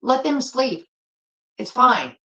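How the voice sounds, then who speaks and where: A woman's voice: high-pitched, big pitch swings, slow pace, sharp tone, lo-fi sound. A woman livestreamer ranting angrily at her chat, swearing often and scolding her viewers. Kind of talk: heated livestream rant.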